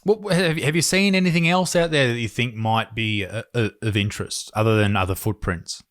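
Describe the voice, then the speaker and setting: A man's voice: medium pitch, brisk, a bit bright, dry recording, clean studio sound. An Australian man hosting a podcast, asking questions in a laid-back, casual way. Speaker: podcast host. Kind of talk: casual interview chat.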